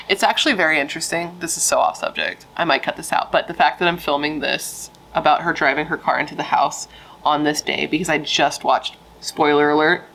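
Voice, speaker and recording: A woman's voice: deep voice, fairly bright tone, low-quality recording. A woman telling a true crime story in a casual, frank, chatty way, swearing freely and using lots of fillers.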